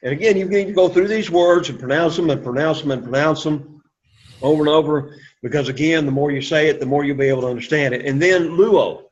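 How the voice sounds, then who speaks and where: A man's voice: on the high side, fast talker. Man teaching a class, lo-fi recording. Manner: encouraging, repeats words for the class to echo. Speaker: Greek teacher. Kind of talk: classroom lecture.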